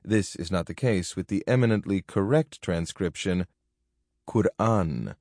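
Male narrator, lowish voice, dry close studio sound, formal measured audiobook reading. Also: a little mellow, dry recording. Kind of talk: scripted narration of a nonfiction book.

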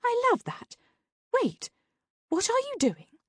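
A woman's voice: slow, dry recording, heavily acted. A woman reading an audiobook, voicing a wry, teasing female ghost sidekick with sarcastic quips in a raised voice. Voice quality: higher, lively voice.

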